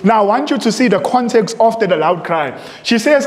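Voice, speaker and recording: A man preaching with a high, urgent voice, asking questions and then answering them himself. The sound is roomy and echoes with a long reverb. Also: lively intonation, fairly quick. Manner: emphatic, repeats phrases, asks rhetorical questions. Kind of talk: sermon with readings.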